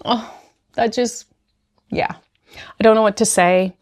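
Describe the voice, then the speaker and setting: A woman's voice: steady tone, slow. A woman speaking casually to camera as a puzzle vlogger, emotional and grateful, often repeating her thanks. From New Zealand. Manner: talks to her dog in a high baby voice. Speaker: jigsaw puzzle YouTuber. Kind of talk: casual vlog chat to camera.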